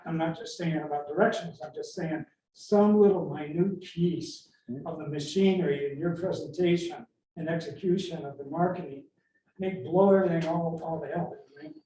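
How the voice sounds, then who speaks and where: A middle-aged man tells animated stories, and his voice sits fairly high yet mellow and soft. He is recorded from a distance, in a very echoey room with a faint noise bed. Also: normal speed. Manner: animated anecdotal storyteller, acts out quotes. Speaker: inventor giving a talk. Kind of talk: storytelling talk with advice.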